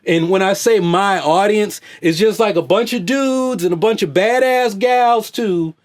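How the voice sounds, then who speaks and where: High-voiced man ranting casually. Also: measured pace. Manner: slangy, repetitive "hey, man", jokey mock voices. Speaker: vlogger and fitness coach. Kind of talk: off-the-cuff commentary rant.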